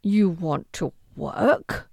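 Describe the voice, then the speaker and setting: A woman's voice: fairly low pitch, extremely slow, vocal fry, a little mellow, no room sound, clean studio sound, full character voice. A woman reading an audiobook, voicing a stern middle-aged aristocratic father who talks firmly and with emphasis. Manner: stammering, then firm and emphatic.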